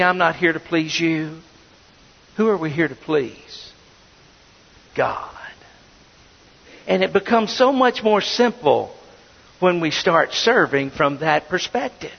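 A man preaching a sermon as pastor, swinging between loud bursts and hushed asides. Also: fairly high pitch, expressive, slow, gravelly, pauses often. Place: church sanctuary. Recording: dull, reverberant sanctuary audio.

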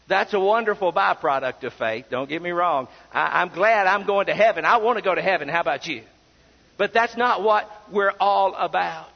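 Male pastor, high voice, sermon, rhetorical questions, muffled lo-fi sound. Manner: preaching with repeated rhetorical questions. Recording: dull recording with long hall reverb.

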